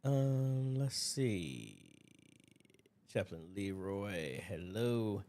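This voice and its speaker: A man's voice: on the low side, sing-song, very slow, warm tone. Chatty man hosting a livestream. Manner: rambling, chatty, greets viewers by name. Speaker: livestream host. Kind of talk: casual livestream Q&A. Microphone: desk mic at a computer.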